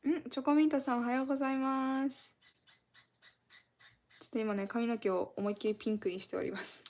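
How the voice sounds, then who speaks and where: A woman with a slightly high voice chats live on stream while she colors. She rambles in a casual, easygoing way, stopping often to thank viewers for their support. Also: steady tone, racing, a little mellow.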